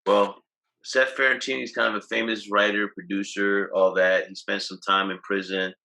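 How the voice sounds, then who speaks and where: A man speaks as an interview guest over a video call. His voice sits low yet sounds bright and forward. He tells stories in a loose, boastful way, often stopping and restarting mid-sentence. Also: little pitch movement, moderate pace, vocal fry, low-quality recording. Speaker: guest, cannabis activist. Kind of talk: casual interview talk.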